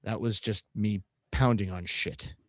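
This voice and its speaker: A man's voice: fairly low pitch, steady tone, a little slow, no room sound, clean studio sound. A middle-aged man co-hosting a podcast, telling a road-trip story casually, swearing and making sound effects. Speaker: podcast co-host.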